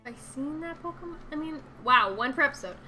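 Woman playing a game and talking to the characters, high voice, bit of music under it. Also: brisk. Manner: animated, playful, talks to the game characters. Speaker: gaming channel host. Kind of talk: let's play commentary.

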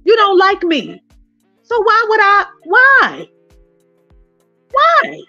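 A woman giving casual commentary, telling stories in a lively way and speaking directly to her viewers. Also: extremely high pitch, drawn-out words, dry recording, muffled recording, soft background music. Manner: animated storytelling, addressing viewers as "y'all". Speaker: online commentator.

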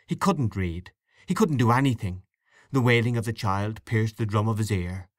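Man, audiobook narrator, low voice, measured, dry close sound. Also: lively intonation, dry recording. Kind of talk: literary audiobook reading.

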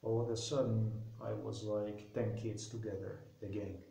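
A man's voice: fairly low pitch, level tone, normal speed, vocal fry, dark tone. A man telling a rambling personal anecdote, loose and profane, full of fillers. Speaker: storyteller. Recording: roomy with faint noise.

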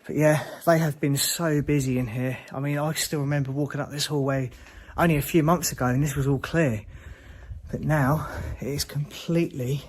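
A man's voice: fairly high pitch, steady tone, moderate pace. A man exploring an abandoned hospital alone at night, often whispering, frightened and swearing when scared. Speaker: urban explorer. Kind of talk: solo night exploration vlog.

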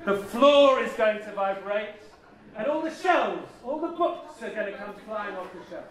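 A man leading a conference audience through an energetic voice warm-up, coaxing and theatrical, laughing often. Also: high-pitched, normal speed. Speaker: plenary speaker leading a voice warm-up. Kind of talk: leading a group vocal exercise at a conference. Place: large conference hall. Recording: very echoey hall, mic far off.

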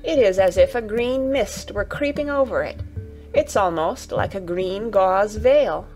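An eager, curious young girl from a storybook, as a woman reader puts her on. She speaks crisply at a mid pitch, with soft music faintly underneath. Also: expressive, unhurried, close to an everyday voice.

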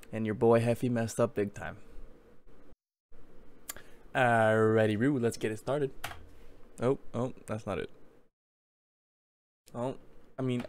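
A young man casually commenting on his own hockey game footage, mocking himself and joking as he goes. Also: medium pitch.

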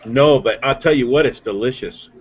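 A man with a mid-range voice co-hosting a casual talk show. He sounds relaxed and laughs easily. The audio is dull and lo-fi. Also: mid-range voice, moderate pace, husky. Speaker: co-host. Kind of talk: casual chat.

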